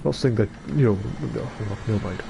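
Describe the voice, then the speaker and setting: This gamer, a weary young guy with a Scottish accent, chats casually through his online games, full of jokes, tangents and curses. He speaks on the low side and briskly, with vocal fry and some background noise.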